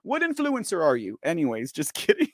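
Male livestream host, high and very animated voice, teasing and chatty, dry close sound. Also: normal speed, no echo. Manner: animated, laughing, teasing, talks straight to viewers. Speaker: host of a political news livestream. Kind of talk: casual livestream commentary talking to the chat.

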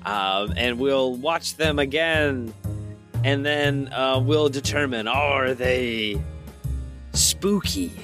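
An upbeat man hosts a casual podcast chat, cracking jokes as he presents. His voice sits at an ordinary middle pitch. Music plays clearly beneath him. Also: slow. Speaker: podcast host.

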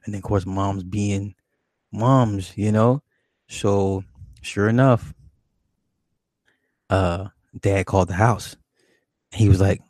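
A man's voice: lowish voice, steady tone, slow pace, long pauses, darkish tone, dry recording, studio quality. A man hosting a call-in show, telling a childhood story in a laid-back, profane way and laughing often. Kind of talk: casual late-night call-in storytelling.

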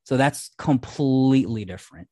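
A man's voice: mid-range voice, moderate pace, dark tone, no room sound, clean studio sound. A man co-hosting a podcast who reads listener mail aloud and then explains his view at length, in casual talk. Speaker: podcast co-host.

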